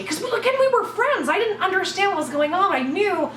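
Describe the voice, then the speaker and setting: A woman vlogger telling a personal story in a blunt, expressive way, swearing freely. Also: very high voice, fairly quick, distant mic. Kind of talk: casual storytelling to camera. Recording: roomy echo, voice from off the mic, faint room noise.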